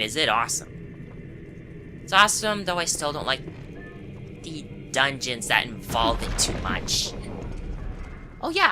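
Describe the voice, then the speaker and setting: A woman giving casual, rambling gameplay commentary, full of asides and fillers. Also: low-pitched. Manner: chatty, rambling, frequent "uh" and "anyway". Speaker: game commentator. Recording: game music behind voice.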